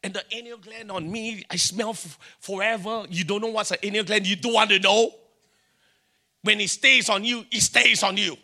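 A man's voice: high voice, fairly even intonation, moderate pace, bright, forceful tone. A middle-aged man with a Singaporean English accent preaching a sermon, telling stories animatedly and acting out the dialogue. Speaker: pastor.

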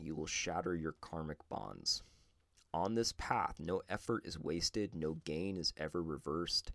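A man reading aloud the lines of a stern divine teacher urging a warrior to fight, in a measured, solemn way. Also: deep voice, creaky, fairly bright tone, no room sound, heavily acted.

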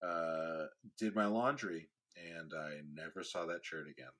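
A man co-hosting a podcast, chatting casually with short replies and relaxed banter. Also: deep voice, a little slow. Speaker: podcast co-host. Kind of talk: casual chat.

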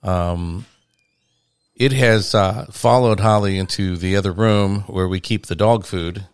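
A man's voice: deep voice, a little slow, smooth. A middle-aged man co-hosting a casual podcast, rambling and joking his way through a play-by-play. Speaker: podcast co-host. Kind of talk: casual chat.

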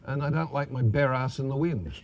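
A man's voice: medium pitch, brisk, lo-fi sound, crowd noise. A man telling profane, laughing anecdotes about his acting days in a casual interview. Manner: profane, laughing, animated storyteller.

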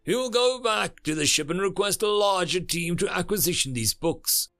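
A weary insectoid alien soldier, as a male narrator voices him, lifted well above the man's normal pitch and a touch louder. His speech is formal and clipped, like a report given to a superior. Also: lively intonation, moderate pace, soft background music, heavily acted. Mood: exasperated. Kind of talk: audiobook-style story narration.

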